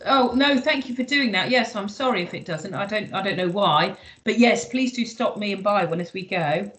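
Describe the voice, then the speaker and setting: A woman's voice: medium pitch, normal speed, a bit bright, rough recording. A woman leading an online workshop, chatty and emphatic, with lots of "you know" fillers. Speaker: workshop trainer.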